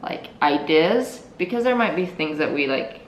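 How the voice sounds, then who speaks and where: Low-voiced earnest woman vlogger. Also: expressive, moderate pace. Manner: earnest, repeats herself, reassuring. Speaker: co-host of a couple's channel. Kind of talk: casual chat to camera. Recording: roomy with faint noise.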